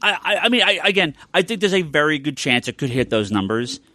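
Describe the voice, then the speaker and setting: A man co-hosting a podcast, chatting casually, animated and often stammering as he restarts his sentences. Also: on the high side, fast. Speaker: podcast co-host. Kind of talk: casual chat.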